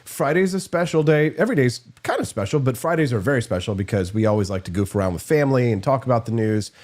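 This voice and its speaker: A man hosts a casual morning livestream. His delivery is upbeat and promotional, with mid-range pitch and an easy conversational flow. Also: lively intonation, fast talker, darkish tone. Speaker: host. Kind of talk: casual live-stream talk.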